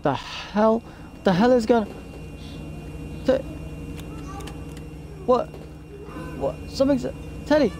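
Brief: gamer, horror playthrough, jumpy, mellow dark tone, faint hiss. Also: mid-range voice, animated, slow, long pauses. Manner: jumpy, talks to game characters, startled shrieks. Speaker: let's play gamer. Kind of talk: horror game commentary.

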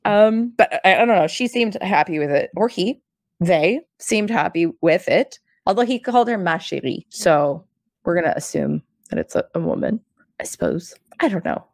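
A woman's voice: lowish voice, normal speed, no room sound. A young woman co-hosting a podcast, recapping a show in casual chat, giggly and acting out quotes. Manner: animated, giggly, acts out quotes. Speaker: podcast co-host.

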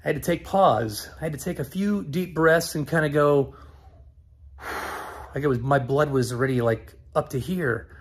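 A middle-aged man casually telling a story to camera, acting out both sides of a phone call in an animated way. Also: on the high side, brisk, hardly any pauses, slight background noise. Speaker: car-build vlogger.

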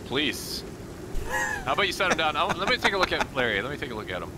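A man's voice: on the high side, sing-song, fast talker, noisy background. Mock-grumpy gaming buddy, a man. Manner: dry, mock-grumpy banter. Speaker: co-player. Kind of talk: casual gameplay chat.

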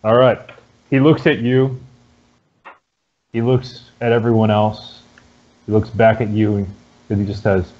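A man narrating as the game master of a tabletop game in relaxed, descriptive fashion. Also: on the low side, moderate pace. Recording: dull lo-fi recording.

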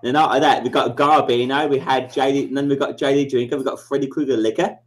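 A man's voice: mid-range voice, steady tone, fast. A man hosting a casual livestream chat, sweary and blustering, often repeating himself. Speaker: livestream host.

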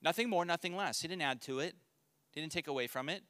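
A man's voice: a little high, fast, sharp tone, no echo. A man, a pastor, giving a casual, joking Bible teaching to a men's study group and reading scripture aloud.

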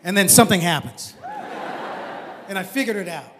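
High-voiced male stand-up in a hall. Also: moderate pace. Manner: animated, acting out characters in put-on voices. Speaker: stand-up comedian. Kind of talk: stand-up routine. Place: comedy stage before a laughing audience. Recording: roomy hall with crowd noise.

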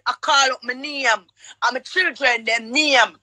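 A woman with a Jamaican accent shouting and cursing in a heated livestream quarrel. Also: high-pitched, no echo. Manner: shouting, cursing, rapid-fire. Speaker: livestream guest.

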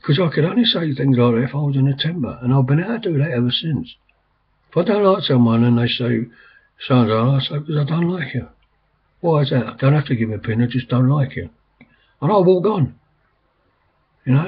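A man's voice: mid-range voice, animated, a little fast, breathy edge. An older man rambling in casual talk, full of ums and restarts. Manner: meandering, many ums and restarts. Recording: slightly dull, lo-fi recording.

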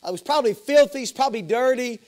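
A man's voice: very high voice, expressive, very fast, darkish tone. A man with a Southern US accent preaching an evening sermon as pastor, impassioned, repeating and restarting phrases. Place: church sanctuary.

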